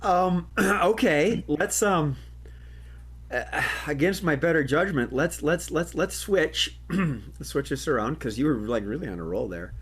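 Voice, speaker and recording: A man's voice: on the high side, expressive, a little slow, slightly rough. A man hosting an improv comedy game, hesitant and full of fillers as he stalls. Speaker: improv show host.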